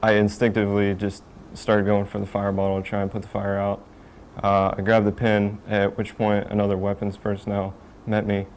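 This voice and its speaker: A man, a weapons airman, recounts the incident in a plain, matter-of-fact way. His voice is low and almost monotone. Faint background noise runs under him. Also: normal speed. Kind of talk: interview recollection.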